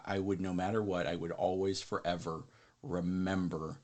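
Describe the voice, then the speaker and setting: A man's voice: low-pitched, flat delivery, moderate pace, a little mellow. A man hosting a podcast, reflective in casual interview chat, stammering now and then as he gathers his thoughts. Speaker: podcast host.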